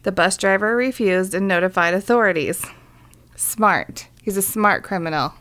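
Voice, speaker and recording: A woman's voice: mid-range voice, normal speed, a bit bright. Irreverent woman reading crime news. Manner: irreverent, swearing, reads news then jokes. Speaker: podcast co-host. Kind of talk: casual chat, reading a news story aloud.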